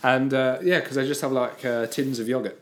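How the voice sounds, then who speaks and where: A man's voice: mid-range voice, steady tone, a little fast. Jokey man co-hosting a podcast. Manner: jokey, playful teasing. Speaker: podcast co-host. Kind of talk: casual chat.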